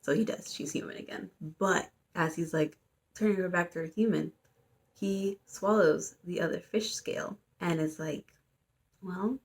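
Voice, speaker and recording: A woman's voice: on the low side, moderate pace. A young adult woman giving a casual, rambling plot recap, full of fillers and little asides. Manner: rambling, filler-heavy, amused. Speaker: YouTuber.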